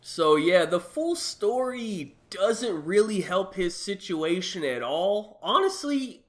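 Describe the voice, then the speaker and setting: A man's voice: fairly high pitch, fairly bright tone. A man reacting to a clip in casual commentary, blunt and mocking, with frequent "like" and "bro". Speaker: commentary streamer.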